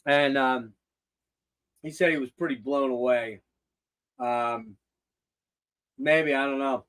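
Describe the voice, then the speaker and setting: A man's voice: mid-range voice, slow, fairly bright tone. An older man hosting a casual livestream, rambling and swearing with loose laughter. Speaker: host.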